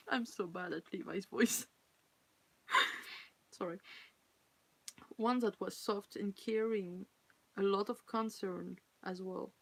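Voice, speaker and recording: A woman with a French accent and French as her first language, reading fan fiction aloud on a live stream and pausing to chat and laugh at her slips. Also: medium pitch, vocal fry, fairly bright tone, dry recording, poor audio.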